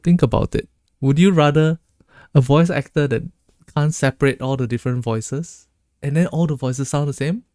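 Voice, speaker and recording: Guy streamer chatting w his chat, jokey, mellow voice, dry close mic. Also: a little high, normal speed, no room sound. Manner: joking, laughs often, reads chat aloud. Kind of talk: casual live-stream chat.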